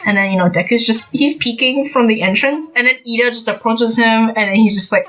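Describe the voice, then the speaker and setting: A woman's voice: medium pitch, fairly quick, sharp tone. A woman hosting a podcast, chatting casually about a manga with lots of fillers and asides. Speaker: podcast host.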